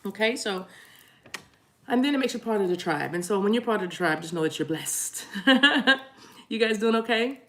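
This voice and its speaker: An animated woman with a mid-range voice and moderate pace reads tarot cards for viewers during a casual livestream chat. She rambles, restarts and apologizes, laughs often, and keeps tossing in warm "y'all" asides.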